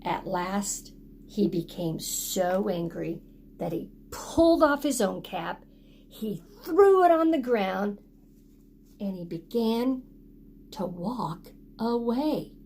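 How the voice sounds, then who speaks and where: A woman reading a picture book aloud to children, pausing often to ask them to join in with actions. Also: medium pitch, big pitch swings, darkish tone, a little hiss or hum. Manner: interactive, prompting children to act along. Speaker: storytime reader for children.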